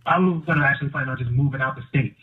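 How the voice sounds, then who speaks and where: Hesitant male caller on a tinny phone line. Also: medium pitch. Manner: hesitant, halting, defensive. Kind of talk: phone call to a talk show.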